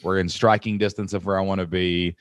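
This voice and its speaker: Male podcast host, eager storyteller, slightly low voice, dry studio sound. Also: a little fast, no echo. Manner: animated storyteller, excited and emphatic. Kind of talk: casual interview chat.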